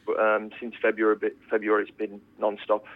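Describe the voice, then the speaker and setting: A man, a band's bassist, answering interview questions in a relaxed way with plenty of ums. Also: brisk. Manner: relaxed, lots of ums and uhs. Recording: tinny phone line.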